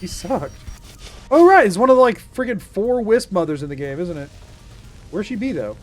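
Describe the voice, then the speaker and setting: A man's voice: high voice, sing-song, normal speed, faint music behind. A man giving playful, joking commentary as he streams a game and chats with his viewers. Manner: playful, jokey, talks to chat. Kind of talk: casual gameplay commentary.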